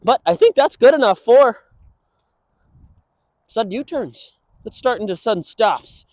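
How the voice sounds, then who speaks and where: A young male dog trainer talks through a lesson in a relaxed, conversational way. His pitch swings widely, jumping up into bright sing-song praise for the dog. The sound is dry and close, with little room around it. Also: unhurried, no echo. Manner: casual explaining, breaking into high sing-song praise for the dog. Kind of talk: instructional walk-and-talk.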